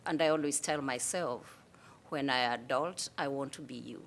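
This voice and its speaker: A woman from Kenya, a city commissioner, giving measured, heartfelt farewell remarks at a public meeting. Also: very deep voice, slight background noise.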